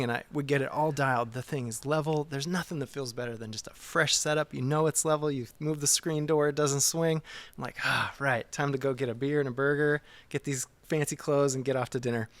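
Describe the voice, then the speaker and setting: A man telling a story as a podcast guest, animated and laughing, swinging from hushed to loud. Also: mid-range voice, a little fast, dry recording. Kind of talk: casual storytelling.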